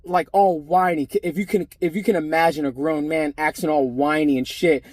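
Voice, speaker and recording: A man's voice: on the high side, fairly even intonation, normal speed, darkish tone, dry recording. Blunt, profane middle-aged man. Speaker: former prison sergeant. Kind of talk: casual profane rant to camera.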